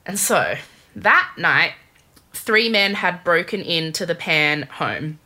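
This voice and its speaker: Chatty woman telling a crime story, kinda low voice but bright and forceful. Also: slow. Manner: chatty, animated, lots of "like" fillers. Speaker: podcast co-host telling a true crime story. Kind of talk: casual chat storytelling.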